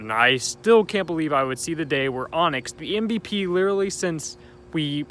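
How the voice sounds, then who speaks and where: A man's voice: fairly high pitch, sharp tone. A young man hosting a gaming channel, talking casually and rambling cheerfully about a game while sitting outdoors at night. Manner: chatty, rambling and upbeat. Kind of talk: casual let's-play commentary.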